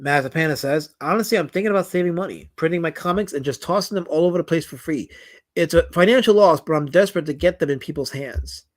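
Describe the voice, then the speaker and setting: A man's voice: on the high side, fast talker. A man streaming live as a comic creator, reading out chat comments in a rambling way that is full of stuttered repeats.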